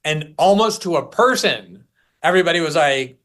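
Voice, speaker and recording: A man appearing as a guest commentator, speaking forcefully and with scorn about politics. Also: on the high side, expressive, normal speed.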